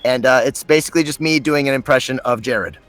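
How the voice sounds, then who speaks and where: Bright-voiced man telling a story. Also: mid-range voice, fast talker. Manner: chatty storyteller, self-deprecating, avoids swearing. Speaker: voice actor guest. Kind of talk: casual podcast chat.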